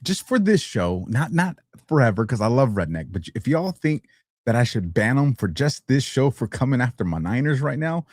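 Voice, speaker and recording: A man hosts a livestream show in a mid-range, slightly mellow voice, recorded with clean studio sound and no echo. He talks casually and animatedly, teasing his chat and laughing often.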